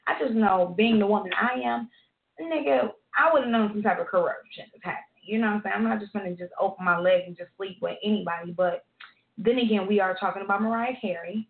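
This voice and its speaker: A woman's voice: mid-range voice, fast. A woman co-hosting a podcast in casual chat, brash and profane, telling stories with a laugh. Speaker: podcast co-host. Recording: echoey phone-like line.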